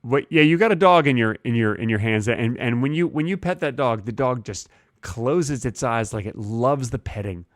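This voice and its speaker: Deadpan man, fifties, comedy podcast co-host, dry close mic, absurd bits. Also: medium pitch, normal speed, no echo. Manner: deadpan, playing dumb with absurd claims. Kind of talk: improvised comedy chat.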